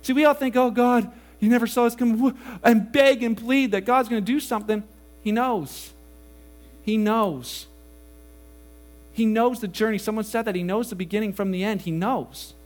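A man preaching a sermon, animated and casual, acting out quoted voices as he goes. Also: high voice, moderate pace. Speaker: pastor.

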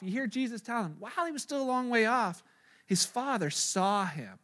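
A man's voice: very high-pitched, expressive, normal speed, a bit bright. A male pastor preaching a sermon in a casual, storytelling way with frequent fillers.

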